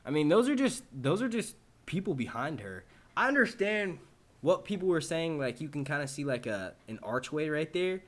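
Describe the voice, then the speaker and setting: Guy on a live stream rambling thru viewer questions, swears a lot, kinda high voice. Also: very animated, moderate pace. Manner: profane, rambling, chatty. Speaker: vlogger answering viewer questions. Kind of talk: casual live-stream chat.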